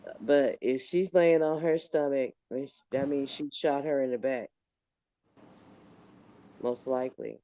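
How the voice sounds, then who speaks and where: Gravelly, dark-toned man reasoning aloud. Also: mid-range voice, a little slow, long pauses, lo-fi sound. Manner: thoughtful, hesitant, reasoning step by step. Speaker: co-host. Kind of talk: casual chat.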